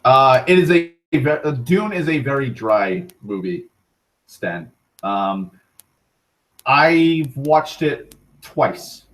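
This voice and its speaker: A young man hosting an online talk show, rambling casually with frequent profanity, restarts and excited tangents. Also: mid-range voice, takes it slowly, poor audio. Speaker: internet talk show host.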